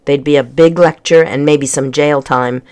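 A reader calmly narrating a children's storybook chapter aloud at a measured pace. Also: medium pitch, clear, resonant tone. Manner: calm, measured reading.

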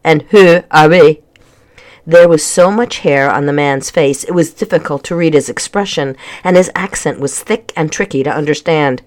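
A calm storybook reader narrating a children's chapter book aloud. The delivery is steady and measured, with a voice of middle pitch.

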